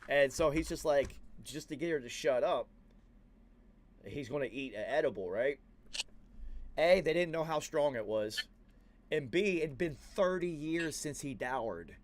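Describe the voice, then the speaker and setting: A man's voice: mid-range voice, moderate pace. A man hosting a podcast, telling a story in a casual, slangy, profane way. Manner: slangy and profane, says "yo" and "dude" a lot. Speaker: podcast host.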